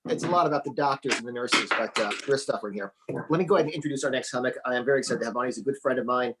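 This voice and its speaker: A man's voice: medium pitch, very fast, very noisy. A man hosting an online comedy show, introducing comics in a chatty, joking way. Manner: chatty, joking emcee patter with fillers. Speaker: show host.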